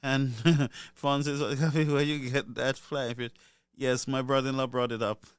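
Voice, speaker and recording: A man's voice: medium pitch, flat delivery, unhurried, smooth, no echo, clean studio sound. A man hosting a call-in radio show, joking and greeting listeners by name. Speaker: radio call-in host and pastor. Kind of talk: casual call-in radio chat.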